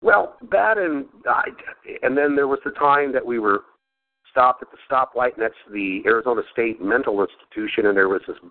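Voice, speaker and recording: A man's voice: mid-range voice, normal speed, no echo. A man telling profane family stories in casual chat, laughing often as he goes. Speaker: podcast host. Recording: phone-like narrow sound.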